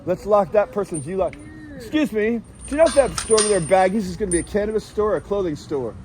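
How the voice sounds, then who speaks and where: A high-voiced man rambles through a satirical street report, crude and deadpan. He is outdoors on a city street at night and talks into a handheld camera. Faint traffic hums behind him. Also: fast talker. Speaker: street vlogger asking passers-by questions.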